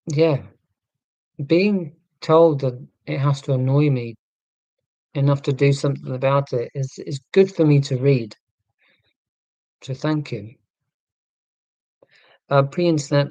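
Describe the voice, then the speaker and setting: A man's voice: medium pitch, steady tone, measured pace, long pauses, warm tone, no echo, lo-fi sound. A man from southern England hosting a casual live stream, reading chat and musing in a tangential, self-deprecating way. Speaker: livestream host reading chat.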